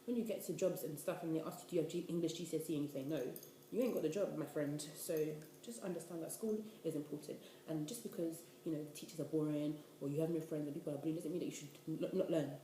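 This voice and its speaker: A woman in her twenties from the UK, a university student giving casual life advice in an animated, chatty way. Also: low voice, fast talker, few pauses. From United Kingdom. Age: 20s. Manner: chatty, animated, preachy asides. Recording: echoey room, faint noise.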